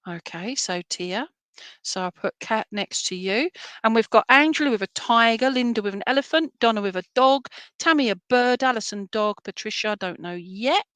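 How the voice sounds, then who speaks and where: A woman working as a medium gives readings on a live stream, chatting casually in a slightly high, clean-toned voice with lively intonation. At a moderate pace she rambles loosely, uses many fillers, and calls her viewers warm pet names. The recording is dry.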